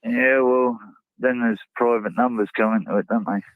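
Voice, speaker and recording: A man's voice: medium pitch, fairly even intonation, moderate pace, no echo. A man calling in, talking hesitantly with stumbles and swearing. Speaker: caller. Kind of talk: casual phone-in chat. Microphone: phone call. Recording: tinny phone line.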